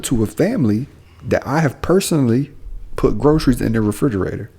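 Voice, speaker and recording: A police officer tells a story on a podcast, animated and quick to act out every voice. His voice is low, gravelly and husky, with a mellow, dark tone. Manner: animated storyteller, acts out quotes.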